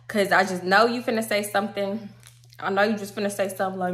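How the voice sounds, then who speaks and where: A woman's voice: medium pitch, quick pace. A young woman in a casual storytime vlog, talking in a loose, slangy way. She jumps into voices for the people in her story. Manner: slangy and animated, acting out quotes. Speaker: storytime vlogger.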